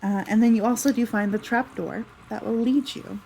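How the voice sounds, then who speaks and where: A woman's voice: fairly high pitch, steady tone, moderate pace, vocal fry, dark tone, a little hiss or hum, rough recording. Chatty woman running a tabletop game. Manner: chatty, rambling, with many fillers and self-corrections. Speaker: game master. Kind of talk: narrating a tabletop game on a stream.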